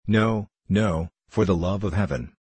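A man's voice: low voice, measured pace, a little mellow, husky, no echo. A man voicing an older village mother who gives advice in a motherly, self-assured way. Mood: anxious. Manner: motherly, advising.

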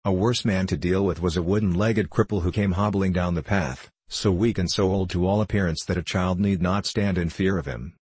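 A man reading a story aloud in measured, steady scripted narration, close to the mic. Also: sits low, breathy edge, no echo. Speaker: audiobook narrator.

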